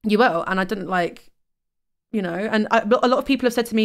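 A young woman talks quickly and candidly, her words tumbling out in a rush. She is hosting a casual stream chat, grows heated, and swears freely. Her pitch sits in an ordinary middle range. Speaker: streamer host.

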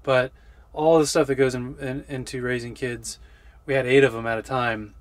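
A man's voice: medium pitch, level tone, normal speed, dry recording. A man in his thirties hosting a casual travel vlog outdoors, joking and talking straight to the camera. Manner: easygoing, jokey, talks to the camera. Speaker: vlog host. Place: outdoors on city streets.

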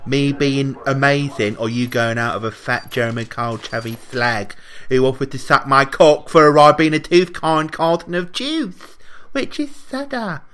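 A man's voice: medium pitch, steady tone, normal speed, few pauses, a bit bright, smooth. A young man, mocking and insulting strangers in a game's voice chat through a headset. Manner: taunting, mocking and crude. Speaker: online troll. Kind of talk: trolling in game voice chat.

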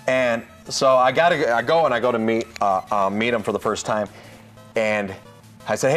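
Male host, lively chatty storyteller, acts out quotes, faint music bed. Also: mid-range voice, normal speed. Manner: excitable, acts out others' voices in his stories. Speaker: show host. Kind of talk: casual storytelling to camera.

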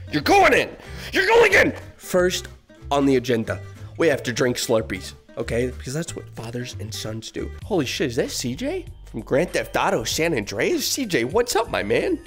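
Animated man role-playing a goofy dad. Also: medium pitch. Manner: animated, jumping between coaxing and panicked outbursts. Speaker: VR game streamer. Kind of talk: improvised comedic role-play as a dad.

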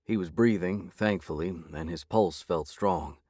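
Deep-voiced male audiobook narrator. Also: measured pace, a little mellow, dry recording, studio quality. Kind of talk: first-person audiobook narration.

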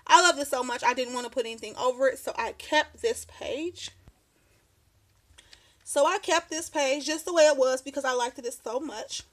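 A woman's voice: high voice, moderate pace. A woman in her thirties chatting casually through a craft show-and-tell at her home desk, rambling, laughing often and sounding slightly out of breath. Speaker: craft vlogger.

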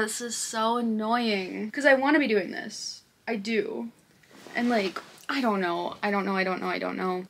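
A woman's voice: mid-range voice, fairly bright tone. Young woman, casual crochet vlogger at home, rambling and self-deprecating, mid-range voice. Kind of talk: casual vlog chat.

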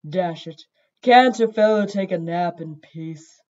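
A woman reading aloud voices a drowsy old tomcat from a storybook, rumbling low and slowly. He grumbles at being woken from his nap. The sound is a little dull. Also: a little mellow, natural voice. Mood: grumpy. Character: sleepy, grumpy old tomcat lying under a porch.

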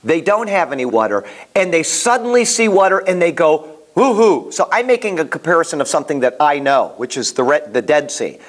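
A man teaching a Bible class in a casual, animated way, telling stories and often restarting his sentences. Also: on the high side, fairly quick, few pauses. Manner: animated, storytelling, repeats himself, many restarts.

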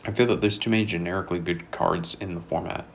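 Tired gaming host, low gravelly voice, rambling casual chat, faint keyboard typing behind. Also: male voice, fast, a little hiss or hum. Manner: rambling, relaxed, many fillers and restarts. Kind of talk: casual chat while playing a video game.

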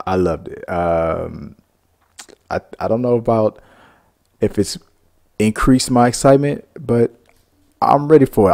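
A man hosting a reaction video, giving chatty, excitable, rambling commentary. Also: mid-range voice, creaky.

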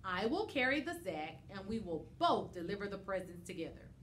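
A cheerful Mrs. Claus, read by a woman in her own voice for a storybook. Her lines move with lively pitch over a faint hum. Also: normal speed. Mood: excited. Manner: excited.

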